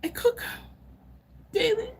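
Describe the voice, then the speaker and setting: A woman's voice: takes it slowly, a little hiss or hum, natural voice. A woman voicing a distraught parent who sobs and cries out in melodramatic despair. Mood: wailing despair. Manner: melodramatic sobbing and shouting. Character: overwrought distraught parent, wailing for help.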